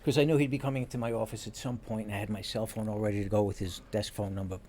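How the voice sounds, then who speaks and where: A man's voice: on the low side, rapid-fire. Man animatedly telling a prank story. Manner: animated anecdote, acting out quotes. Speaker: podcast guest, former police detective. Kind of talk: casual storytelling chat.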